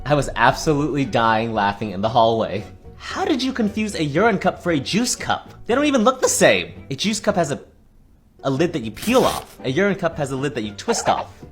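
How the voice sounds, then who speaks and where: A man reading out funny hospital stories with wry, deadpan asides. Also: mid-range voice, a little fast, faint music behind. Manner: wry, deadpan reactions between read-out stories. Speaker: TikTok creator reading and reacting to stories. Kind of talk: comedic storytelling with asides.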